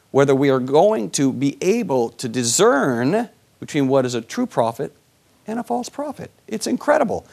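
A man teaches scripture in a relaxed back-and-forth, his voice swinging widely in pitch as he stresses points. He often checks in with his partner through rhetorical questions. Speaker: preacher co-hosting a Bible discussion. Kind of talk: conversational Bible teaching.

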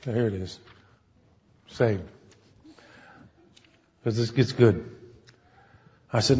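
A man's voice: lowish voice, extremely slow, long pauses, darkish tone, breathy edge. A man preaching a sermon, telling a story with quoted voices and building to fervent exhortation. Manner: storytelling, quotes others in acted voices, preaches with rising fervor. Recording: dull lo-fi sound, long hall reverb.

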